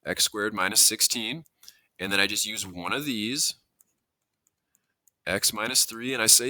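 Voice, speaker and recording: Bright-voiced male math teacher. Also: on the low side, fairly even intonation, a little slow, no echo. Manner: conversational, thinking aloud with self-corrections and asides. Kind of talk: classroom lesson walkthrough.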